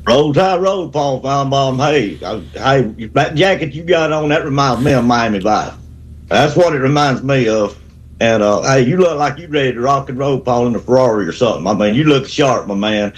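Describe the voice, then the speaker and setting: A man's voice: mid-range voice, expressive, normal speed. A man, calling a sports radio show with a rambling, fired-up pep talk. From Alabama. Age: 60s. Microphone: phone call.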